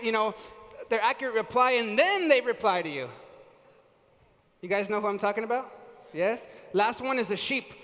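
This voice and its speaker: A man giving an energetic live seminar on sales and leadership, quizzing the audience and using casual slang. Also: very high voice. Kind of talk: live motivational seminar talk. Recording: reverberant hall.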